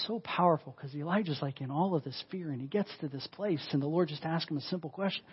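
A man with a high voice preaches a sermon, talking in a loose, conversational way and pressing hard on his points. The recording is dull and lo-fi. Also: animated, fast talker, few pauses, husky. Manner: conversational and emphatic, with frequent "like". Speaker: pastor.

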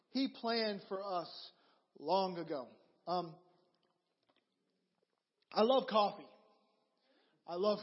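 Guy preaching, really high voice, repeats himself a lot, dull sound with long echo like a big church. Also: breathy edge. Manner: animated storytelling with repeated phrases. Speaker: pastor. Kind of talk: sermon. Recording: dull recording in a reverberant hall.

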